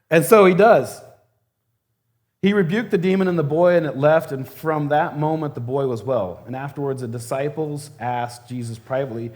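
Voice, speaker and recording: A man's voice: medium pitch, a little fast, a little mellow. Conversational male church elder preaching. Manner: conversational and humorous, acts out scenes. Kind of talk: sermon.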